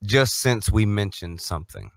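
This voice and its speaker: A man's voice: lowish voice, expressive, normal speed, no echo. A man co-hosting a livestream talk show, ranting and swearing as he scolds the audience. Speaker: co-host.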